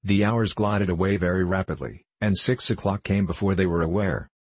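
A man narrating an audiobook in a steady, measured reading style. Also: sits low, no room sound. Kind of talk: scripted narration.

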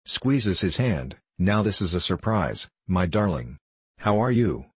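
Gushing, fussy old landowner full of endearments, read by a man in a low, husky voice for an audiobook play. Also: big pitch swings, measured pace, no room sound, exaggerated voice. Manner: showers everyone with pet names. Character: effusive elderly male landowner, gushing and fussy.

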